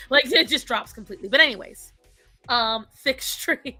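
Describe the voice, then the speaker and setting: Bright-voiced woman with a Rhode Island accent. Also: on the high side, a little fast, no echo, soft background music. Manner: animated storyteller, swears freely, laughs often. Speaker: podcast co-host. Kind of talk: casual chat.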